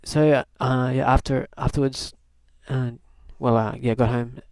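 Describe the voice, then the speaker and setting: This young Canadian man, a video blogger, speaks in a medium-pitched, flat, slightly slow and mellow voice, with no room sound. His casual diary-style story is wry and rambling, full of fillers and restarts.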